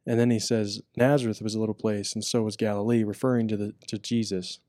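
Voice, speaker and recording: Young male co-host, warm low voice, earnest and lively in retelling, dry close mic. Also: fast, dry recording. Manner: earnest, animated when retelling. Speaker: podcast co-host. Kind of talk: casual chat.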